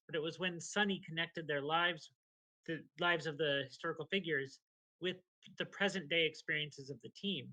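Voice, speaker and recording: A man hosting a comedy show, reading scripted trivia in a dry way and sometimes reading the punctuation out loud. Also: a little high, poor audio. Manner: dry, reads punctuation aloud. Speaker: podcast host.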